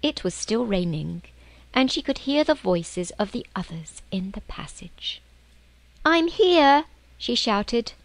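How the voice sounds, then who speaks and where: A woman narrating a storybook aloud, reading expressively and dropping into soft whispers in tense passages. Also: mid-range voice, lively intonation, unhurried, vocal fry, dry recording, low-quality recording. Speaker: audiobook narrator.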